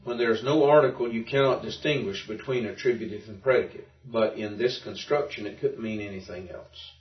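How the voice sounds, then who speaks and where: A man with a lowish voice, speaking a little fast, leads a Greek lesson in an informal classroom. He's patient, thinking out loud and often restarting his sentences. The sound is muffled and roomy, as if recorded from a distance.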